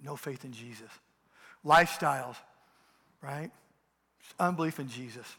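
A man's voice: mid-range voice, a little slow, gravelly, pushed and bright, breathy edge. A pastor preaching a passionate sermon, rising and falling as he drives his points home. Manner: impassioned preaching, acts out mocking voices. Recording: long hall reverb.

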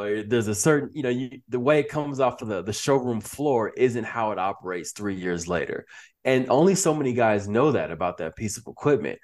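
A man as an interview guest, speaking casually with frequent laughs and restarts, acting out quoted lines. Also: lowish voice. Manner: animated, laughs often, many restarts; acts out quoted speech. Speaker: podcast guest.

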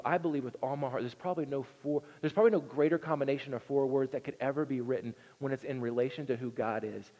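A man preaching a sermon, telling the story with earnest energy and swinging from loud to hushed. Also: a little high, fast talker, dull audio. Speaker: pastor. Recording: long reverb in a large hall.

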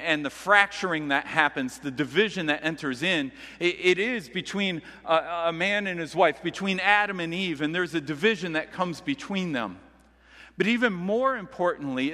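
A male pastor delivers a sermon in a conversational, earnest manner. His voice sits a little high and rings bright and forceful. It carries the long reverb of a large hall.

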